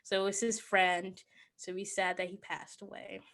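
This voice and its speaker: A woman's voice: medium pitch, little pitch movement, moderate pace, vocal fry, a bit bright. A woman hosting a podcast, chattily recapping a movie plot, laughing often and filling with "like". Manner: chatty, giggly, heavy on "like". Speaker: podcast host.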